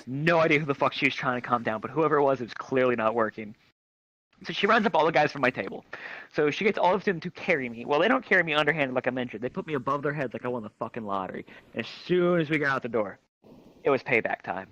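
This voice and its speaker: Animated male storyteller, crude comic anecdote, bright and lively, dry dull headset mic. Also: medium pitch, fast talker, no echo. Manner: crude, animated, shrieks quoted lines. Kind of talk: comic anecdote told to a crowd.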